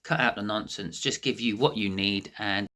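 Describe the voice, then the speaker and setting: A man's voice: on the low side, normal speed, bright, forceful tone. A man hosting his home cooking channel, chatting to camera in a nervous, rambling way with lots of false starts, from his living room. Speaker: cooking and prepping channel host. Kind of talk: casual to-camera chat.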